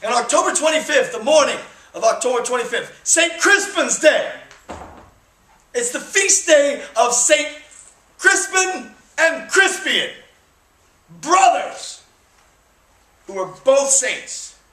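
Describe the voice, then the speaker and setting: A man's voice: very high voice, expressive, slow pace, long pauses, bright, forceful tone. A man, a touring actor, telling a history story to students in a jokey, conversational, emphatic way, recorded by a far camera in a school auditorium. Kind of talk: theatrical storytelling. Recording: echoey hall from far off.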